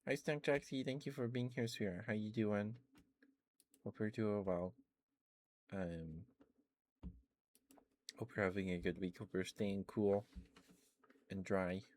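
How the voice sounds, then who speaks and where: A man giving quiet, gentle ASMR chat to his stream viewers. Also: lowish voice, steady tone, measured pace, long pauses. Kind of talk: soft-spoken ASMR chat.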